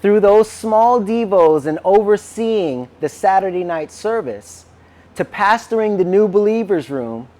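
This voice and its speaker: Guy preaching, tells a story, high voice all over the place. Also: a little slow. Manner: animated, acts out quoted dialogue. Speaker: minister. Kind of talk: sermon storytelling.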